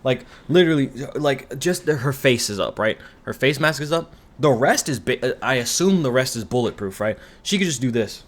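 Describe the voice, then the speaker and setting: A man's voice: medium pitch, lively intonation, moderate pace, hardly any pauses. A man talks through a show's plot in a loose, rambling recap. He swears freely and turns sarcastic whenever something annoys him. His voice sits in an ordinary middle range. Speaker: commentary YouTuber. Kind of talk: ranting show recap.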